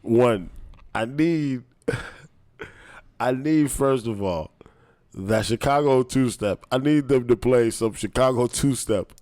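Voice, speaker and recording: A young man co-hosting a podcast, chatting casually with friends, animated and teasing, laughing often. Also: mid-range voice, slow pace, dry recording, studio quality. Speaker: podcast co-host. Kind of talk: casual chat.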